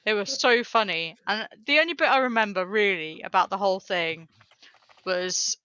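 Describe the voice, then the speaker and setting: Lady cohosting a nerdy podcast, bright voice, kinda dull dry mic sound. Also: medium pitch, moderate pace, clean tone, no echo. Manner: chatty, laughs often, retells stories with restarts. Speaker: podcast co-host. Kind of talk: casual chat.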